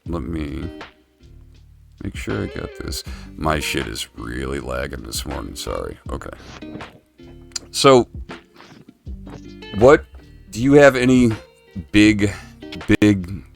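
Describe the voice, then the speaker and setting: A man's voice: extremely low pitch, sing-song, takes it slowly, gravelly, long pauses, faint music behind. An American man hosting a casual streamed chat show, rambling and laid-back, swearing now and then. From United States.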